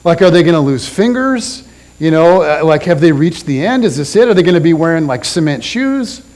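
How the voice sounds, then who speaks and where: A man delivers a sermon from the pulpit, his voice sitting high and swinging widely as he tells the story. He leans into the drama, then sinks low and quiet when he quotes someone. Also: brisk, poor audio. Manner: animated storytelling, drops low and soft for quotes. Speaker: pastor. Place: church.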